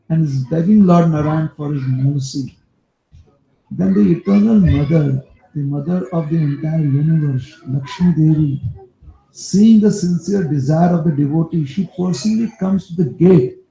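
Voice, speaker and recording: A male preacher tells a devotional story during a sermon, animated and stepping aside now and then to speak directly to his listeners. His voice is a little high and gravelly, with lo-fi sound in an echoey room.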